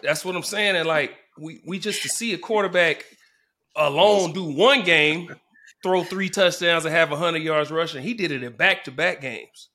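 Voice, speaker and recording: A man's voice: on the high side, moderate pace. A man, a former football player, telling stories in casual sports talk and acting out the fans around him. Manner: animated storyteller, acts out fans in the stands.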